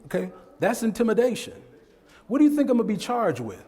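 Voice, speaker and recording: Man presenting a workshop, animated and chatty, slightly high voice with a lively swing, echoey hall. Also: fast talker. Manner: animated, conversational, laughs often. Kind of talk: lecture with storytelling.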